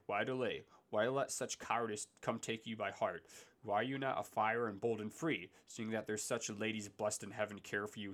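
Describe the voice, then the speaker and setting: A young man hosts a casual solo podcast, drifting from one tangent to the next. He pokes fun at himself as he goes. His voice sits low yet has a bright, forceful tone. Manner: rambling, digressive, self-deprecating. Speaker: podcast host.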